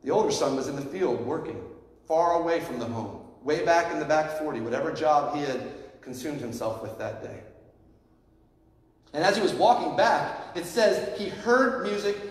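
A man preaching a sermon as pastor, telling a parable in a lively, animated way and acting out its scenes. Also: on the high side, moderate pace. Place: church sanctuary. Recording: echoey church hall, mic at a distance.

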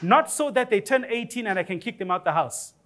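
High-voiced preacher man, animated. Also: fairly quick. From Africa. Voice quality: high-pitched voice. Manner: animated preaching with rising exclamations and humor. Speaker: pastor. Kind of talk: sermon. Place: church.

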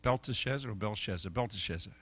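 A middle-aged man preaching a sermon as an evangelist, telling stories and swinging from quiet talk to loud shouted peaks. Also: lowish voice, fast. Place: church service.

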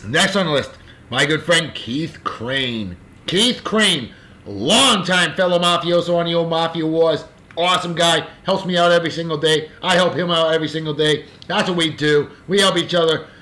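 Bright-voiced, boisterous man giving shout-outs. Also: on the high side, normal speed. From California. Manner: boisterous, jokey, folksy. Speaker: show host. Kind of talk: casual birthday shout-outs.

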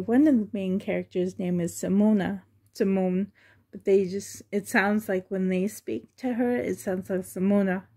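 A woman's voice: on the high side, a little mellow, slightly rough. A woman vlogger gushing with delight as she unboxes and cuddles a doll, rambling and full of fillers. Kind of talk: excited unboxing vlog.

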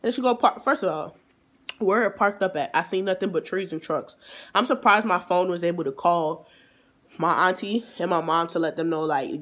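A man vlogger telling a storytime in an animated, emphatic way, with exasperated asides. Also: sits high, moderate pace. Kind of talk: storytime vlog.

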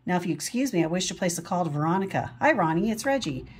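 Woman reading as a cocky teen boy, smug and husky, storybook style. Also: fairly low pitch, animated, fast talker. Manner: cocky, taunting.

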